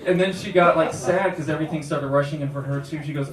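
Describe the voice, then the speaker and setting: A young man performing a stand-up comedy set on a club stage, animated, acting out quoted voices and jumping up in pitch for punchlines, with audience laughter behind him. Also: fast, few pauses, a crowd in the background. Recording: roomy club sound, taken from a distance, loud noise.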